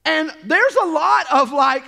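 A man preaching an energetic sermon to a congregation, often acting out playful quoted voices. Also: extremely high pitch, unhurried, gravelly. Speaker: pastor.

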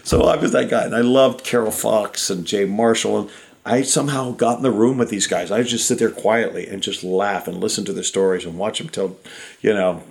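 Gravelly low-ish guy in his 50s telling stories, does little voices for the people he quotes. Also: a little fast. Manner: animated anecdotes, mimics people he quotes. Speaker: guest, magician. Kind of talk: casual storytelling.

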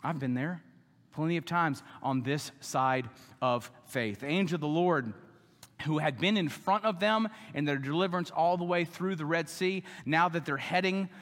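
A man's voice: a little high, normal speed, fairly bright tone. A man preaching a sermon with emphatic delivery, now and then voicing the people in the story. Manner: emphatic preaching, voices the grumbling Israelites. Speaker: pastor. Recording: long hall reverb.

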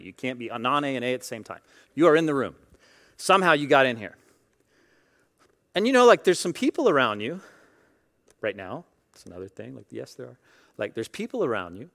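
A man preaching a sermon in a relaxed, chatty way. His voice sits a little higher than most men's. It jumps between hushed asides and loud, emphatic peaks as he makes his points. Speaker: pastor.

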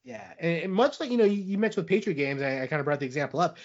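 A man with a slightly higher voice talks through a film in loose, rambling podcast chat. He keeps circling back and restarting his thoughts. The sound is a little dull and muffled. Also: very fast. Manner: rambling, with frequent restarts and hedging fillers. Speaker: podcast co-host reviewing movies. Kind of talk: casual chat.

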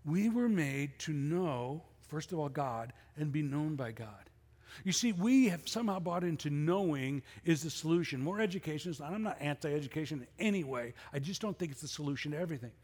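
High-voiced male pastor preaching in a hall. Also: animated, brisk, a little mellow. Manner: conversational preaching with rhetorical questions. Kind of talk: sermon. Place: church sanctuary.

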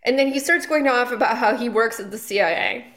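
A woman's voice: a little high, brisk, a bit bright. A woman comedian co-hosting a podcast, telling a story in a rambling casual way with lots of fillers and restarts. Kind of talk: casual chat.

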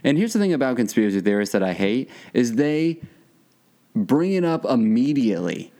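A young man hosting a podcast, telling profane, animated stories in casual chat. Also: mid-range voice, normal speed. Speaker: podcast host.

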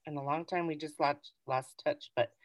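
A woman's voice: deep voice, normal speed, no echo. A woman co-hosting a podcast who tells stories casually and animatedly, full of "like" and "you know.". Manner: animated storytelling, filler-heavy. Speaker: podcast co-host. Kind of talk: casual chat.

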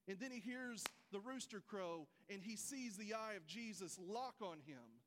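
A man's voice: sits high, lively intonation, measured pace, few pauses, in a large hall, background noise. A man preaching a folksy sermon, speaking straight to his congregation. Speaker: pastor. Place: church sanctuary.

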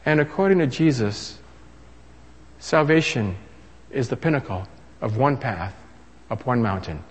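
Male preacher, lively delivery, slightly husky voice, long hall reverb. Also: mid-range voice, measured pace. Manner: animated, rising to emphatic crescendos. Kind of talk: sermon.

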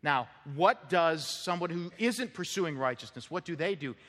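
A man preaching a sermon as pastor, animated, acting out quoted voices and repeating words as he builds up. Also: fairly high pitch, moderate pace. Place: church sanctuary. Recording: long reverb of a church hall.

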